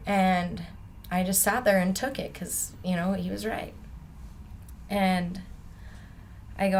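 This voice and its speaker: A woman's voice: mid-range voice, normal speed, pauses often, a little hiss or hum. A woman vividly telling her story. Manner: animated, breaks into laughter, acts out the people in her story. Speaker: podcast guest. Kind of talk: personal storytelling in a podcast interview.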